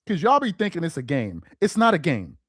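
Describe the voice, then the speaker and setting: A man hosting a sports rant show, mocking and exasperated, firing off rhetorical questions, tripping over repeated words and rising into shouts. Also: on the high side, wildly swooping pitch, fairly quick, dry recording, clean studio sound. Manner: stumbles and repeats words when worked up; rises into shouts. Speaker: sports commentator host.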